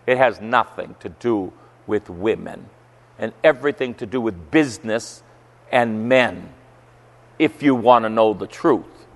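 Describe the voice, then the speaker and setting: A man's voice: fairly low pitch, animated, measured pace, gravelly. Priest guy giving a sermon, emphatic and worked up, voice swings up and down a lot. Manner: emphatic, preachy storytelling that rises to forceful outbursts. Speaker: Catholic priest. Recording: long church hall reverb.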